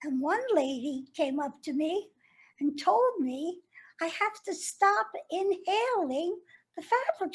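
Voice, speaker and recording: A woman's voice: very high voice, heavily acted. An actress playing a jilted woman who turns bitter and sardonic as she addresses her former lover in a stage monologue. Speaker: actor performing a monologue.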